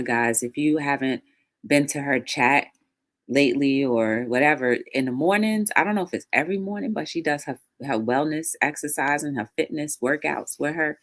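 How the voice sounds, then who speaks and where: A woman hosting a casual livestream talk show, greeting viewers by name with bright excitement and talking reflectively in between. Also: extremely low pitch.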